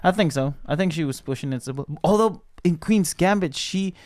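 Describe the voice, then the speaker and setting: A man's voice: on the high side, a little fast, a little mellow, dry recording, studio quality. A man co-hosting a podcast, reviewing a movie in casual chat, blunt and opinionated with plenty of fillers. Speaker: podcast co-host.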